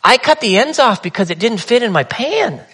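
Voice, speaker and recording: A man voicing a gentle elderly grandmother who speaks softly and sweetly. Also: extremely high pitch, sing-song, moderate pace, a little hiss or hum, voice pushed up, heavily acted. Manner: soft, doting.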